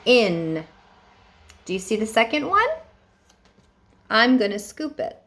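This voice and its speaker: A woman teaching first graders in a remote phonics lesson, slow and encouraging, with a sing-song teacher delivery. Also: a little high, sing-song, bright, forceful tone.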